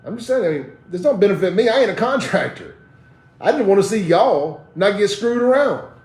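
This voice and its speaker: Southern guy from mississippi going off on a live show, combative and blunt, kinda high pitched, roomy echo. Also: expressive, a little fast, darkish tone. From Jackson, Mississippi, USA. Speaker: host of a live social media talk show. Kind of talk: ranting live commentary.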